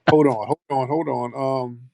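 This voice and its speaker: American man, casual host, profane teasing banter, mid-pitched, dry close sound. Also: fairly even intonation, normal speed, gravelly, dark tone, dry recording. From United States. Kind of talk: casual live-stream chat.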